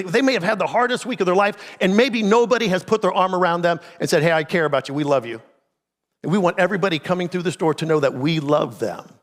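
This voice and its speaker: A middle-aged man preaching a sermon as pastor in a church, talking with the congregation in a conversational way and asking them many questions. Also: high voice. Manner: conversational, asks the congregation many questions, drops to a quiet intense voice. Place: church sanctuary. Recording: long church reverb.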